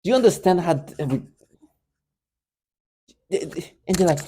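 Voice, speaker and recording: A man's voice: a little high, expressive, moderate pace, warm tone, a little hiss or hum. A man talking emotionally to camera in an agitated monologue, stammering and repeating words as he goes. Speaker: vlogger.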